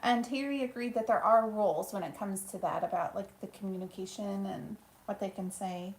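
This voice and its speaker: A woman co-hosting a live stream, reading viewer comments aloud in a soft-spoken, casual way. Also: mid-range voice, a little fast, a little hiss or hum. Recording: echoey room.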